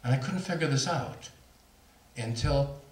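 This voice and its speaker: A man's voice: medium pitch, a little slow. A middle-aged man speaking to an audience, telling a personal story in a candid, self-mocking way with laughs. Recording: roomy hall, voice from far off.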